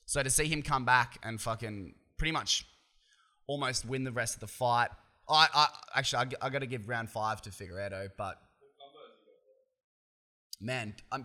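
Forceful Australian man ranting on a podcast. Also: mid-range voice. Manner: profane, opinionated, rambling with restarts. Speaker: podcast host. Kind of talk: casual solo podcast rant.

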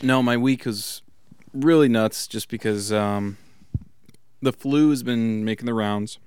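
A man co-hosting a comics podcast, chatting casually and breaking into quick impressions of other people. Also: mid-range voice, darkish tone, clear, resonant tone, no room sound. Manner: chatty, quick to mimic others in put-on voices. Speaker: podcast co-host. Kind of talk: casual chat.

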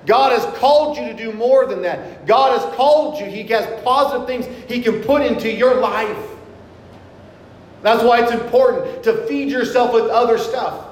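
High-voiced preacher in an echoey hall. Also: male voice, slight background noise. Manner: earnest preaching, slows down for scripture quotes. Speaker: pastor. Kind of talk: sermon. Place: church sanctuary. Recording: echoey hall, mic in room.

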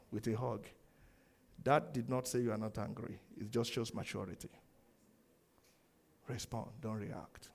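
A man preaching a sermon, animated, laughing often and acting out the quoted lines. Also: medium pitch, normal speed, creaky. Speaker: pastor.

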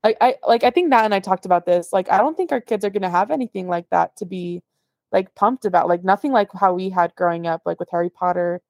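A young woman co-hosting a podcast in casual chat, talking quickly through stories with lots of filler words. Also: mid-range voice, dry recording, clean studio sound. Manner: chatty, heavy on fillers, animated retelling. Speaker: podcast co-host.

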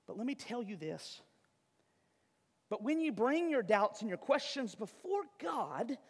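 A man's voice: very high-pitched, long reverb tail. A man delivering a sermon as a pastor, in an emphatic, conversational style with asides to the congregation.

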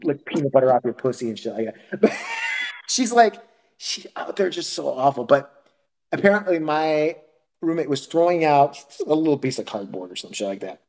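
Crude, animated male podcast ranter. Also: on the high side, normal speed. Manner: crude, profane ranting storytelling with frequent laughter. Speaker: podcast co-host. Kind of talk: casual chat.

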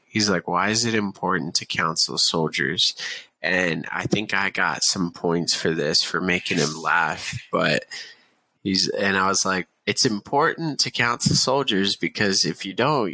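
Bright-voiced man telling army stories. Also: sits low, moderate pace, dry recording. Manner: animated, swearing, laughs often. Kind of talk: casual storytelling.

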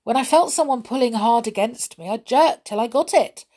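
A woman voicing an excitable small male brownie in a storybook, talking in a breathless, gushing way. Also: on the high side, moderate pace, voice pushed up, close to an everyday voice. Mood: excited.

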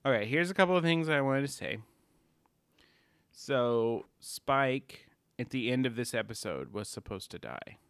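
A man's voice: medium pitch, expressive, a little slow, a bit bright, clean tone, no echo. A man co-hosting a podcast in casual chat, rambling, swearing casually and laughing mid-sentence. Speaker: podcast co-host.

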